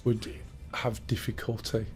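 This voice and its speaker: A man's voice: lowish voice, monotone, a little slow, darkish tone, soft background music. Chatty Black Country man streaming. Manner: chatty, rambling, talks to himself while playing. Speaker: game streamer. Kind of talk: casual live-stream gaming chat.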